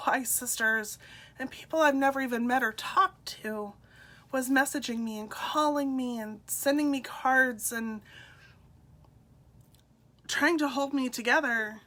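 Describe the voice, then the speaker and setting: Bright-voiced woman telling a painful story. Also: fairly high pitch. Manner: emotional, halting, with soft laughs. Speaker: speaker sharing her story. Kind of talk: personal testimonial talk.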